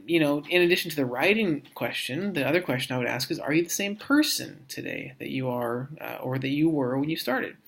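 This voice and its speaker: An instructor gives a recorded course lecture in a slightly high, creaky, fairly bright voice. He thinks aloud reflectively and haltingly, often restarting and repeating words.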